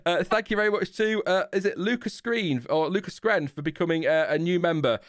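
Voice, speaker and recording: A man from Lincolnshire with a Lincolnshire English accent, hosting a live stream in casual chat, self-mocking and quick to laugh. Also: high voice, dry recording, clean studio sound. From Lincolnshire, England. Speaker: livestream host.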